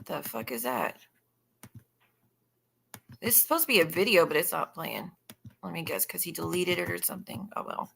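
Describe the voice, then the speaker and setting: A woman chatting on a casual live stream with a bright, forceful voice. She talks bluntly and swears freely, reacting to messages and greeting her viewers. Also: fairly low pitch, animated, moderate pace, vocal fry, pauses often, slight background noise. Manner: blunt and profane, chatting with viewers while scrolling. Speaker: livestreamer.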